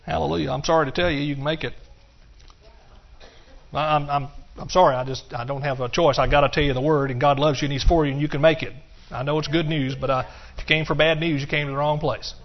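A man preaches in a church, swinging between quiet explanation and emphatic cries of hallelujah. His voice sits a little higher than usual for a man. The recording is muffled and lo-fi. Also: fairly even intonation, fast talker. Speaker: pastor. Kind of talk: sermon.

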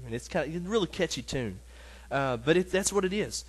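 A man leading a casual Bible lesson in a mid-pitched voice. He talks in a halting, earnest way, full of fillers and restarts, with feeling close to the surface. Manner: earnest and emotional. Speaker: Bible study teacher.

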